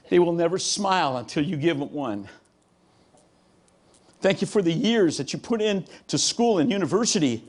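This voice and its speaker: A man giving a motivational keynote talk, telling stories in a punchy, animated way and breaking into shouts and acted-out quotes. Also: high voice. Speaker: keynote speaker. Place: large hall before a live audience.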